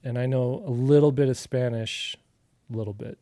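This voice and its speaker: A middle-aged man from Arizona talks through a digital coloring lesson in a loose, conversational way, full of little fillers and restarts. His voice is mellow and warm, at a middling pitch. The recording is close and dry. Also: moderate pace, dry recording. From Arizona, USA. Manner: relaxed and chatty, with filler words and restarts, talking while he works. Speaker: artist teaching a digital coloring tutorial. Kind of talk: casual live drawing tutorial.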